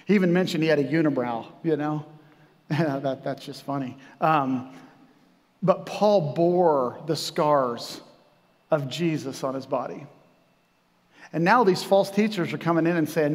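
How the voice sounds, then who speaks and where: A male pastor preaching a sermon in a loose, conversational way, tossing in jokes and asides. His voice sits fairly high for a man. The sound rings with the long reverb of a church hall. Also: measured pace, long pauses. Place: church sanctuary.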